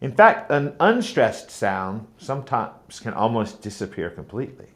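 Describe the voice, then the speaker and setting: A man's voice: medium pitch, big pitch swings, a little slow. A man teaching a pronunciation lesson, modelling stressed and unstressed syllables with exaggerated stress on example words. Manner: explains clearly, models sounds like mm-mm. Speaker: teacher trainer.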